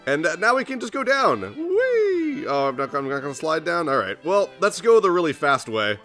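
A young man narrating his own platform game run with jokey, excitable commentary. His bright voice swings widely in pitch, and faint music plays underneath. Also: a little fast. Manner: jokey, excitable, jumps into squeaky put-on voices. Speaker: let's play host. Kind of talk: gameplay commentary.

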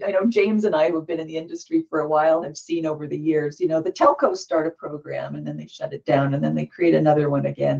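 A woman's voice: low voice, creaky, mellow, husky, muffled recording. A woman moderating a panel discussion, thinking aloud with many restarts.

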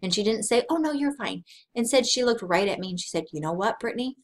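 A young adult woman hosting a Christian women's channel, giving an earnest devotional talk with a personal story and acting out cheery quoted encouragement. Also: fast talker. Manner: earnest, acts out quoted encouragement in a bright higher voice.

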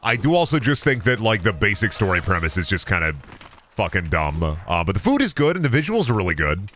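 Sharp-voiced, profane ranting man. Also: on the low side, sing-song, fairly quick, a little hiss or hum. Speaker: streamer. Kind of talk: casual chat while gaming.

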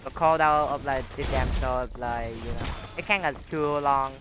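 A medium-pitched male voice, normal in speed, comes through against a noisy background. The young gamer rambles casually with lots of fillers, mocks the other players, and lets out yelps when he's hit.

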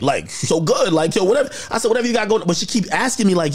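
A man with a high voice tells a story in a loose, casual way. He is animated and slang-heavy, and he acts out the lines of the people in it. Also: rapid-fire, few pauses, slightly rough.

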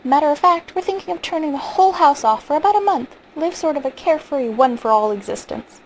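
A woman's voice: high voice, fast, a little hiss or hum, voice pushed up, rough recording. A woman reading as a brooding, exasperated father. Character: stern worried father of two.

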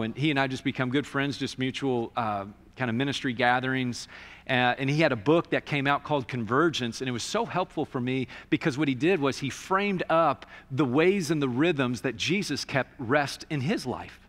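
A man preaching to his congregation in a bright, ringing voice pitched a little high. He talks to the room like friends, surging to loud emphatic peaks and then dropping to a hush. The sound carries a long church-hall reverb. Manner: conversational preaching, swings from loud to hushed. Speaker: pastor. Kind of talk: sermon. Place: church sanctuary.

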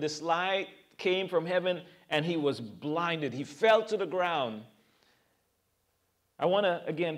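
A man preaches a verse-by-verse sermon as a pastor, with a voice pitched a little above the usual for a man. He is earnest and emphatic, working through the text and asking his listeners rhetorical questions.

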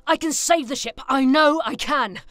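A woman voicing a panicky male alien starship pilot who shouts and squeals in alarm. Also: moderate pace, no room sound. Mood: panicked. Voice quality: shrill, panicky.

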